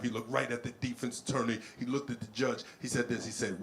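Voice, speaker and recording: A male stand-up comedian telling stories on stage in a loud, animated way. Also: medium pitch, brisk. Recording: comedy club with a laughing crowd.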